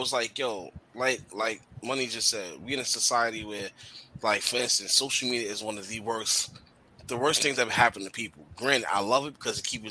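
A man talking in a casual podcast chat, animated and slangy, swearing freely. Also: mid-range voice, slight background noise, rough recording.

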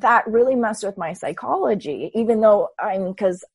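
A woman's voice: mid-range voice, moderate pace, breathy edge, dry recording. Young woman telling a story, dry sound. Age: 20s. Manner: animated, acts out her own past thoughts. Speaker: interview guest. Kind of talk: casual storytelling.

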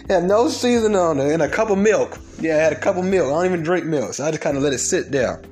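A man telling stories and ranting in a blunt, profane, fast-talking way. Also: on the high side, lively intonation, darkish tone, soft background music. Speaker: storyteller. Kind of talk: comedic storytelling rant.

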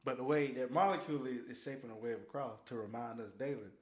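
A man's voice: medium pitch, quick pace. A man co-hosting a casual podcast, telling Bible stories animatedly and acting out voices. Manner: animated storytelling, acts out voices and shouts. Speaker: podcast co-host. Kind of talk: casual faith chat.

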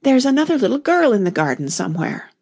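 A woman's voice: on the high side, big pitch swings, fast, a little mellow, no room sound, clean studio sound, pitched above the performer's own voice. A woman reading aloud and voicing a curious, polite young girl who asks earnest questions.

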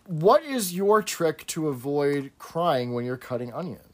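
A man's voice: on the high side, sing-song, measured pace. A man co-hosting a casual podcast, recapping episode plots and explaining jokes in a dry manner. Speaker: podcast co-host.

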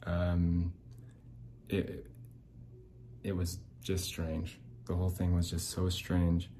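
A man's voice: low-pitched, monotone, slow pace, dark tone, slight background noise. A man hosting a podcast, talking in a rambling, sarcastic and bitter monologue with frequent restarts. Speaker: podcast host.

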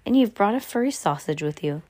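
A woman's voice: mid-range voice, lively intonation, a little fast, darkish tone, close to an everyday voice. A woman reading as a cheerful boy.

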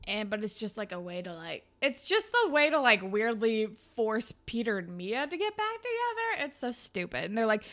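A young woman co-hosting a casual chat, recapping a show in an animated way, swearing and acting out characters' lines. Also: a little high, moderate pace, few pauses. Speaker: podcast co-host.

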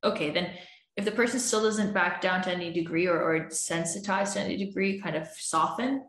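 A woman relationship coach with a lowish voice talks through how couples argue, earnest and explanatory. She slips into the partners' lines as she goes. The room around her rings with echo. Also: a little fast, fairly bright tone. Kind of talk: advice podcast monologue.

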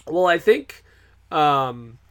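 A man's voice: on the high side, very animated, extremely slow, fairly bright tone. A man co-hosting a podcast in casual chat, playful and laughing often. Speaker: podcast co-host.

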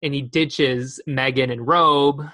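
A young woman with a low voice co-hosts a casual podcast about a movie. She retells scenes in an animated way, slipping into the characters' lines as she goes. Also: takes it slowly. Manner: animated storytelling with acted-out quotes. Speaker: podcast co-host. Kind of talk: casual chat reviewing a movie.

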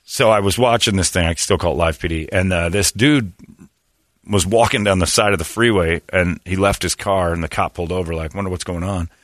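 A man's voice: deep voice, brisk, dry recording, studio quality. A middle-aged man hosting a show, chatting casually and acting out the people in his stories. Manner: animated storyteller who acts out the people in his stories. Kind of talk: casual studio banter.

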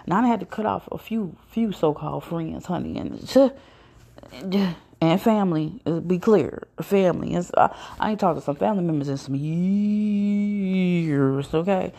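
A woman's voice: lowish voice, unhurried, gravelly, mellow. A woman hosting her own podcast, telling personal stories in a blunt, profane, casual monologue. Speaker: podcast host.

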